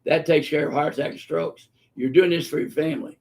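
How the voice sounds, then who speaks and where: Blunt, gravelly-voiced older man doctor. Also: fairly high pitch, fairly even intonation, a little fast. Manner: blunt and profane, heated and emphatic. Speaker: physician answering viewer questions. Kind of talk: unscripted webinar Q&A.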